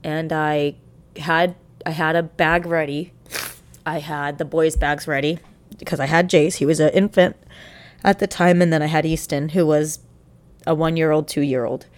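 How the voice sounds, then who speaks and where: A young woman telling a personal story in a halting, emotional way, close to tears at times. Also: sits low, steady tone. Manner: halting, emotional, with many restarts.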